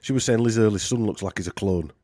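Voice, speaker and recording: A man's voice: on the low side, fast, warm tone, no room sound, clean studio sound. A man with a Yorkshire accent hosting a casual podcast chat, rambling and joking with lots of fillers. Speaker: podcast host.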